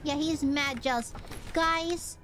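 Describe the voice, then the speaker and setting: A woman's voice: high-pitched, measured pace, a bit bright, slight background noise. A woman streamer giving casual gameplay commentary, playful and boastful, swearing and talking to her chat.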